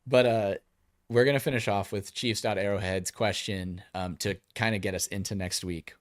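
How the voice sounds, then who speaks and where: A man's voice: on the low side, fairly even intonation, moderate pace, no room sound, studio quality. A man co-hosting a casual sports podcast, talking energetically with lots of fillers. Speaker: podcast co-host.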